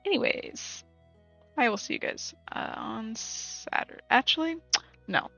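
A woman's voice: on the high side, animated, unhurried, creaky, bright, forceful tone. A woman streaming a game, chatting casually and muttering to herself, sometimes dropping to a whisper. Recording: slightly muffled lo-fi stream audio. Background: faint game music.

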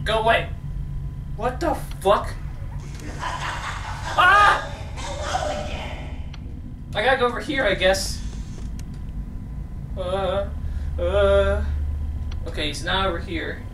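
A woman's voice: medium pitch, measured pace, long pauses, reverberant, distant mic, background noise. A woman gamer at home commentating a horror game, jumpy and swearing, often screaming. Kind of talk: let's play commentary. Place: at home, indoors.

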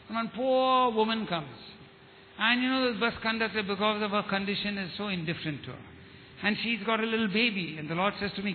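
A man with a high voice preaches a testimony, telling stories with quoted dialogue and often repeating words. The sound is thin and phone-like, with a long reverb tail from a hall and faint noise underneath. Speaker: evangelist. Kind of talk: testimony sermon.

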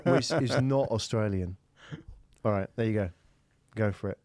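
A man's voice: lowish voice, normal speed, darkish tone, no echo. A man hosting a casual panel podcast, joking and prodding his guests. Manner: teasing, jokey, pushes the others to decide. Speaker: host.

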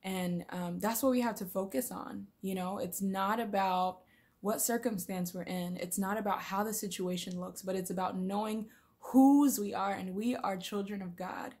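A woman's voice: medium pitch, steady tone, normal speed. Earnest, tearful woman sharing faith. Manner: earnest, emotional, with fillers and soft laughs. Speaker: Christian vlogger. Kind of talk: informal devotional talk and prayer.

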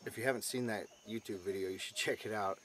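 A man's voice: lowish voice, fairly even intonation, quick pace, fairly bright tone. Easygoing man talking outdoors. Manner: easygoing, filler-heavy. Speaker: field guide and producer. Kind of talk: casual documentary narration. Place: outdoors in the desert. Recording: outdoor noise with insects.

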